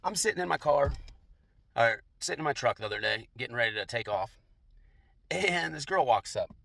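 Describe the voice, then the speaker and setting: Gravelly, profane storytelling guy. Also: mid-range voice, lively intonation, normal speed, pushed and bright, slight background noise. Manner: profane, laid-back, laughing. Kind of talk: casual anecdote.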